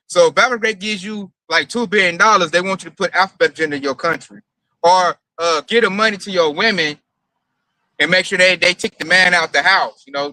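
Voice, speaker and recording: A man's voice: high voice, sharp tone, no echo, rough recording. A man preaching in a casual, emphatic and profane way, mocking his targets as he talks.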